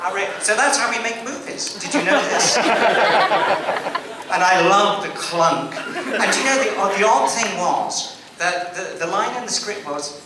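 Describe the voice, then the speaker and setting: A man with a fairly high voice hosts a playful stage Q&A, theatrical and teasing with the crowd. He sounds distant from the mic. A big echoey convention hall and steady background noise surround him. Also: takes it slowly. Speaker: guest actor at convention panel. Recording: echoey hall from far off, noisy.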